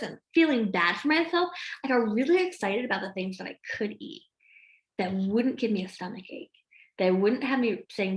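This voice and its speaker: Woman, animated casual talk, acts out quotes, highish voice, echoey room. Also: moderate pace. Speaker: health coach. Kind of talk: casual chat to camera. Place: home room with a board behind her.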